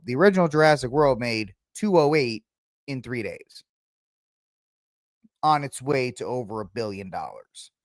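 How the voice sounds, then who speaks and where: A man hosts a solo podcast in an easy, offhand way. He rambles, stops to think out loud, and fills the gaps with ums and uhs. His voice sits in a middle pitch and the sound is close and dry, with no room around it. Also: dry recording. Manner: rambling, thinks aloud with many fillers and restarts. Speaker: podcast host. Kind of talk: casual solo commentary.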